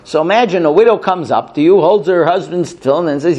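Animated man teaching a Talmud class. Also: fairly high pitch, fast talker, few pauses. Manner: animated storyteller, acts out quotes, questions the class. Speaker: Torah teacher.

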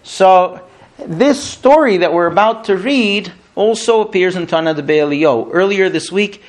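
A Torah teacher with a high-pitched voice tells a story to his Talmud class at a moderate pace. He is animated and acts out the quotes for his students.

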